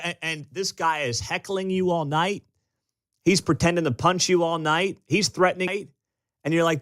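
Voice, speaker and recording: A man's voice: sits high, normal speed, no echo. An American man hosting a talk radio show, delivering an emphatic, opinionated monologue. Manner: animated, emphatic, storytelling with acted-out quotes. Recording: dry studio mic.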